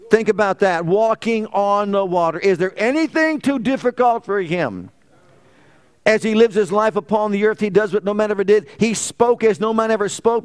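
A man's voice: high-pitched, smooth. A male pastor preaching a fervent sermon full of rhetorical questions and exclamations.

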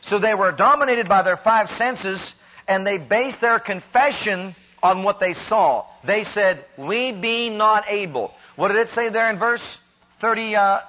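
A man preaching a sermon in an earnest, emphatic way, with deliberate, drawn-out phrasing. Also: high voice, slight background noise. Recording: dull lo-fi recording.

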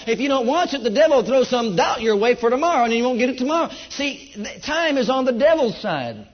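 High male preacher, fervent repetitive sermon delivery, muffled lo-fi recording. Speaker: pastor. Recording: dull lo-fi church recording.

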